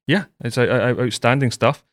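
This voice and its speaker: A man's voice: medium pitch, a little fast, dry recording, clean studio sound. Male podcast host, chatty and rambling, mid-range voice. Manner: chatty storyteller with fillers. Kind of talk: casual podcast chat.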